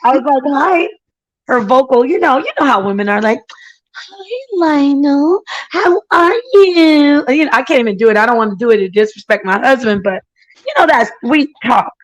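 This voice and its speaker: A woman with a fairly high voice rants casually and indignantly to her stream. She tells her story in a run of quick asides and now and then mocks other people with sugary impressions. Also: lively intonation, low-quality recording. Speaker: channel host. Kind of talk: casual livestream rant.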